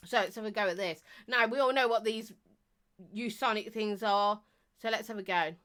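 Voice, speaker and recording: A woman's voice: mid-range voice, moderate pace, fairly bright tone. A woman hosting a live stream, chatting casually and rambling as she greets viewers and laughs often.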